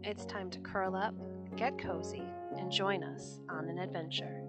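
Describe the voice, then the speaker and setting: A woman reading old storybooks aloud for children, lively and expressive as she lifts her voice for the characters. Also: medium pitch, unhurried, over loud music. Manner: expressive, raises her voice for quoted birds.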